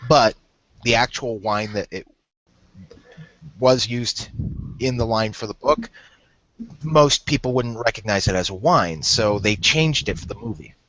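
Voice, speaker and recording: A man's voice: lowish voice, fairly bright tone, no room sound, dull audio. A man co-hosting a casual podcast over an online card game, joking, laughing often and rambling with restarts. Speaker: podcast co-host.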